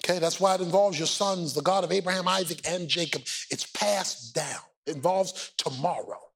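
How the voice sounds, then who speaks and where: Husky-voiced preacher man, high and lively. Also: moderate pace. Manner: preaching, building to fervent shouting. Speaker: pastor. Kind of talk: sermon.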